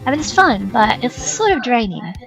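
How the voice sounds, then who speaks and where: A woman hosts a let's play in wry, chatty talk. Her voice sits a bit high, and soft game music plays underneath. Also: very animated, normal speed, vocal fry, low-quality recording. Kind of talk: casual gaming chat.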